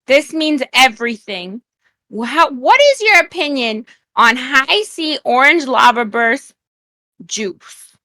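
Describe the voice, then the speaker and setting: A woman chatting playfully on a stream, excitable and teasing, firing off quick questions. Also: high voice, no echo. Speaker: guest streamer.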